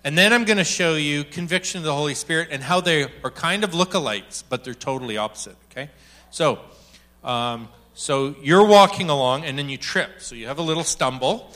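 A male preacher delivers a sermon with a lively, joking energy. His voice is fairly high and bright, and he often acts out the lines he quotes. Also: a little fast. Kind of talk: sermon with storytelling.

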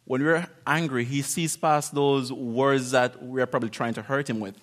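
A man giving an informal sermon in a conversational, animated way, acting out little quoted exchanges and laughing often. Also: medium pitch, normal speed. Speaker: preacher.

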